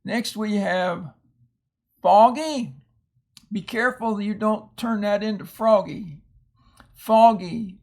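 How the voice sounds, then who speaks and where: Slow gravelly man teaching phonics. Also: high-pitched, a little mellow. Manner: patient, explanatory, with homely asides. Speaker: reading teacher. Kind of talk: phonics lesson reading a word list.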